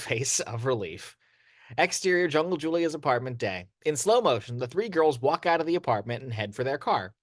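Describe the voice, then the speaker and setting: A man narrating screenplay action lines in an amateur audio drama, steady but with occasional stumbles and restarts. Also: mid-range voice, no room sound, clean studio sound.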